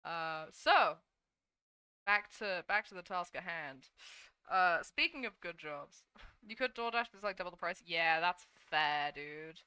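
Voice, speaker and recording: A woman's voice: on the low side, lively intonation, unhurried, pushed and bright, smooth, dry recording. A young woman streaming as a VTuber, chatting casually and sleepily with her viewers while she draws, swearing now and then. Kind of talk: casual live-stream chat while drawing.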